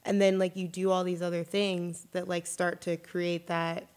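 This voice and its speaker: Young woman co-host, chatty, animated, lots of fillers. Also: fairly low pitch, normal speed. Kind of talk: casual chat.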